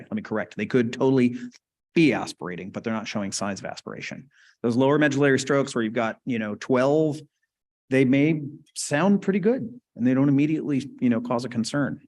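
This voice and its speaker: A man giving a conversational clinical lecture at a conference, often checking in with the audience. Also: medium pitch. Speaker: conference lecturer on stroke speech therapy.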